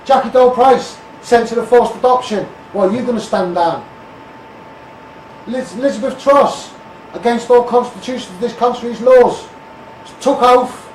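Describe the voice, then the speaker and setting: A man's voice: very high-pitched, darkish tone, slight background noise. A man with a Scouse accent delivering a blunt, repetitive political rant, calling people out by name and asking what they will do about it. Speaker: street campaigner. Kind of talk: ranting political monologue. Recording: roomy sound from a distance.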